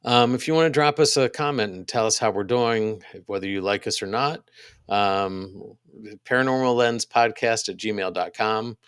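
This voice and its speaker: A man co-hosting a podcast, casually reading out upcoming events, halting with many ums and restarts. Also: on the low side, fairly bright tone, clean tone, no room sound, clean studio sound. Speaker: podcast co-host.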